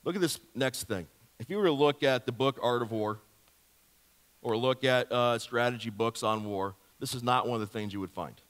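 A male pastor giving a sermon in a lively, joking storytelling manner, firing off rhetorical questions to the congregation. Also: mid-range voice, normal speed. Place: church sanctuary. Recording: long hall reverb of a church.

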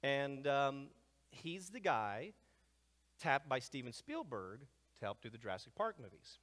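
A man giving an energetic lecture to a live audience, jumping between loud, excited asides and hushed remarks. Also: mid-range voice, a little slow. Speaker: speaker presenting to a live audience. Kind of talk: animated lecture. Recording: long hall reverb.

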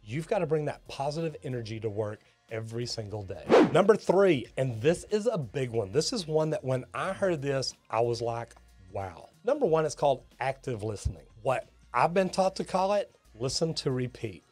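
A man, a plumbing educator, giving an energetic, emphatic business lesson to tradespeople and acting out talks with customers. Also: medium pitch, normal speed, soft background music.

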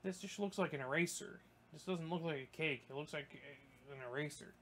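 A young man commentating his gameplay, swearing a lot and breaking into yelps and shouts when things go wrong. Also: on the high side, a little fast, a little hiss or hum. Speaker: gaming YouTuber. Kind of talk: let's play commentary.

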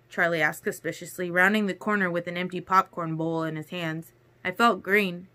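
Woman audiobook reader, bright and clear, first-person narration. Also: fairly low pitch.

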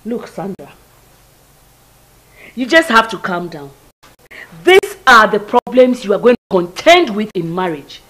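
A middle-aged actress with a Nigerian accent playing the bride's mother, who steadily calms her and gives advice. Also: mid-range voice, unhurried, pauses often, low-quality recording. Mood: calming. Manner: steady, calming, advising.

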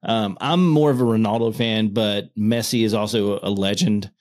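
A man in his thirties chatting casually on a podcast, stumbling and restarting his words when excited, laughing often. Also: fairly low pitch, normal speed. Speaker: podcast co-host. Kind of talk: casual chat.

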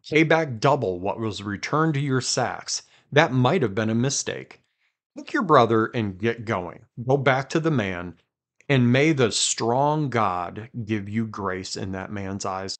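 A man hosting a podcast, reading scripture aloud with quiet dramatic emphasis and chatting between passages. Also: fairly low pitch, animated, measured pace. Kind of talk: conversational Bible reading.

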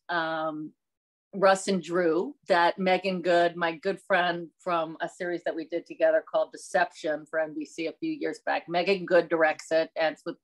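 A middle-aged woman from the American South, chatting in an interview as a guest, lively and quick to laugh, acting out quotes as she tells stories. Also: lowish voice. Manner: animated, laughs often, acts out quotes. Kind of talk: casual interview chat.

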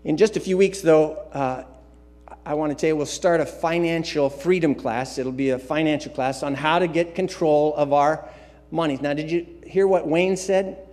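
A male pastor delivers a sermon in a church, his voice pitched a bit higher than most men's. He preaches emphatically, repeating key phrases, and drops in casual asides. A long reverb trails his words through the hall. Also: normal speed, darkish tone. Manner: repetitive, emphatic preaching with asides and filler sounds. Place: church sanctuary.

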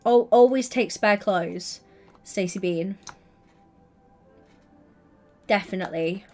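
An excitable woman livestreamer chats while she plays a building game. Her talk is gushing and affectionate, and she welcomes viewers by name. Faint music plays behind her. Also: medium pitch, unhurried. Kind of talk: casual gaming livestream chat.

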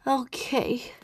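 A woman playing a game casually, giggling playfully and talking through the hiccups. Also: noisy background. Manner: giggly, playful, breaks into laughter. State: has the hiccups.

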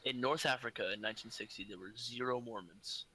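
A man's voice: mid-range voice, brisk, pushed and bright, slight background noise, low-quality recording. A young man co-hosting a casual podcast, joking around and reading out figures in a laid-back way. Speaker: podcast co-host. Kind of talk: casual chat.

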